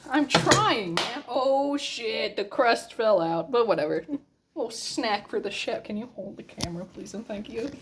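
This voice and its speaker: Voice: mid-range voice, a little slow. A teenager from Sweden chatting casually and joking while baking in a home kitchen, filmed on a phone. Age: teens. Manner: joking, swearing, giggly. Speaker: vlogger. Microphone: phone camera. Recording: noisy home phone recording.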